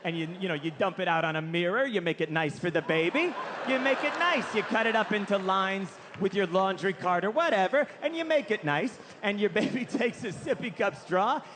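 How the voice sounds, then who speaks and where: A man performing a self-mocking stand-up comedy routine before a live audience, building to shouted punchlines. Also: high voice, animated, a little fast, hardly any pauses. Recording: noisy live stage recording.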